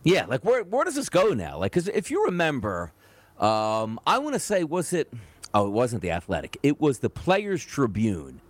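A man co-hosting a sports talk show, bantering casually and acting out imagined quotes in an animated way. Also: mid-range voice, moderate pace, no room sound. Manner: animated, jokey, acts out quotes. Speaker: sports radio co-host.

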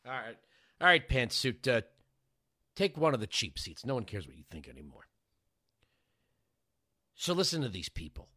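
Мужчина, ведущий радиошоу, язвительно и напористо разглагольствует ярким, резким голосом; звук сухой, без эха. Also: male voice, mid-range voice, big pitch swings, moderate pace, pauses often, sharp tone, no room sound, studio quality. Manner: sarcastic, mocking and ranting. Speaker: radio talk show host. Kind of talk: combative talk radio monologue.

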